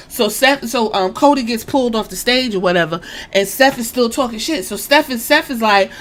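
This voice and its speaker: Animated, swearing woman podcast host. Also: on the high side, normal speed. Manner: animated, swears freely, excitable. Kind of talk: casual storytelling recap.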